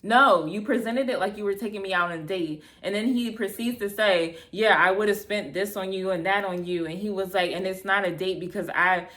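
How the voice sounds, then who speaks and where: A woman in her thirties telling a bad-date story to camera, animated and exasperated, acting out both sides of the conversation, with lots of "like" and casual swearing. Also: mid-range voice, a little fast, hardly any pauses. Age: 30s. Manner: heavy filler "like", casual swearing. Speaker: vlogger. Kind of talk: storytime vlog, casual retelling.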